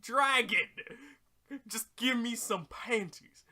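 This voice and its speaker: A man's voice: extremely high pitch, slow, pitched above the performer's own voice, heavily acted. A man doing an exasperated pig man. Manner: exasperated, pleading, loud. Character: indignant pig man, male, frustrated.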